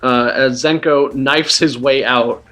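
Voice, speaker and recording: A man's voice: medium pitch, steady tone, slow pace, sharp tone. A man narrating as game master of a tabletop game, rambling with many fillers and laughing as he goes.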